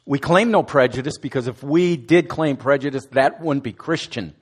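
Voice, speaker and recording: A man's voice: mid-range voice, normal speed, husky. A man giving a conversational sermon as a student ministries director, asking his listeners direct questions and now and then restarting words. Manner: conversational preaching, asks the audience direct questions, some restarts.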